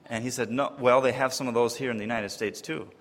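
A man from Wisconsin telling a personal testimony story in a lively way, acting out the voices of the people he quotes. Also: quick pace. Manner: lively, acts out quoted voices, often pitching up high in disbelief. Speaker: speaker giving a personal testimony. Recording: long reverb of a large hall.

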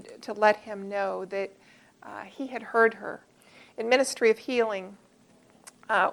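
Gravelly-voiced woman teaching earnestly. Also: mid-range voice. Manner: earnest, conversational, drops to soft hushed tones for quoted comfort. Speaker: presenter teaching a care model. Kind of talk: teaching presentation with stories.

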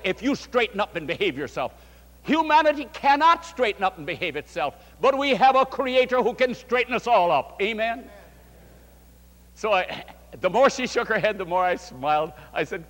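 An older man, a pastor, preaching a sermon and telling a story with fervent rises and quiet drops. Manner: fervent preaching, voice swelling and dropping low. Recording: long hall reverb.

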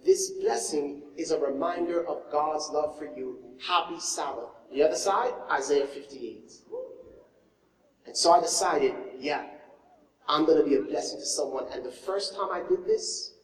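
A male pastor preaching a sermon, telling a story with lively swings from loud exclamations to hushed asides. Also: a little high, moderate pace. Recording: echoey hall, mic from far off.

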